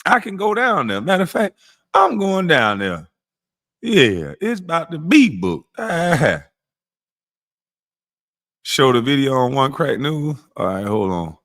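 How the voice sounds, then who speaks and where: The host of a casual livestream, a man, smokes while roasting his chat and trash-talking. Each heckle spikes his pitch high, and calming down leaves him slow and low.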